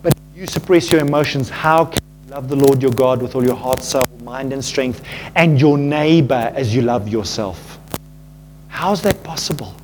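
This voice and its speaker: A man preaching a sermon as pastor, earnest and animated, calling his listeners folks and dropping low and quiet at tender moments. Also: normal speed, slight background noise.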